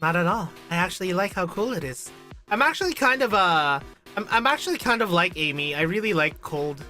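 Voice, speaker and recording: Female game streamer, bright, sharp tone; casual and excitable, reads on-screen dialogue aloud, swears easily. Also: fairly low pitch, fairly quick, faint music behind. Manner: animated, gushing, swears casually. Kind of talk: casual gaming livestream, reading game text aloud.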